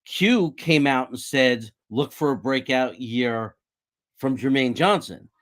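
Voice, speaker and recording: A man's voice: medium pitch, slow, a bit bright. A man co-hosting a casual sports livestream, talking in an easygoing way and chuckling along. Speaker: podcast co-host.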